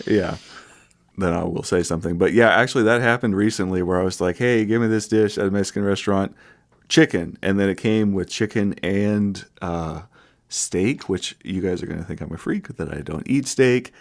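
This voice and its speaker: A man's voice: low voice, moderate pace, creaky. A man co-hosting a podcast in casual chat, dry and teasing in an easygoing way. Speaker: podcast co-host.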